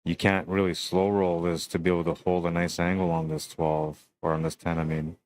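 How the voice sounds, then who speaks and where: A young adult man giving relaxed, chatty live commentary on a pool match and greeting stream viewers. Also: low-pitched, a little fast.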